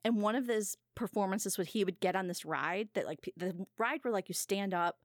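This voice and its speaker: A woman hosting a podcast who tells stories in a lively way, laughing often and acting out what people said. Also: medium pitch, a little fast, dry recording, studio quality. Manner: animated, laughs often, acts out quotes. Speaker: podcast host. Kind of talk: casual podcast chat, storytelling.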